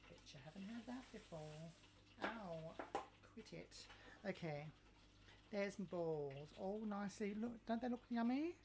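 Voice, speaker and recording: Woman, camp and cheeky, home kitchen, chatty livestream cooking, middle pitch, faint noise behind. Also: measured pace. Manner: camp, cheeky, chatty, reads viewer comments aloud. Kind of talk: casual live cooking chat.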